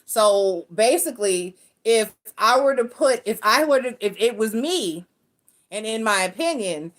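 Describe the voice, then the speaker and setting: A woman talks casually to her viewers as a tarot and astrology reader. She rambles, restarts and corrects herself mid-sentence, at a middling pitch for a woman. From North Carolina. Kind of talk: casual explanatory chat to viewers.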